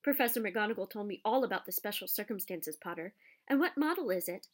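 A woman reading aloud, voicing a small, cheerful old male professor who squeaks. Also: lively intonation, fast talker, natural voice. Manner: squeaky, high.

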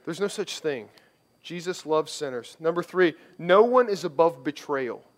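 A man's voice: on the high side, animated, moderate pace. A male pastor preaching a conversational sermon, slipping into the voices of people he quotes.

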